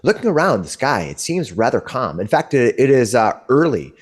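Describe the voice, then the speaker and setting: A man's voice: medium pitch, big pitch swings, moderate pace, slightly rough. A man narrating as game master, describing scenes in a meandering, searching way. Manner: descriptive and meandering, with frequent restarts.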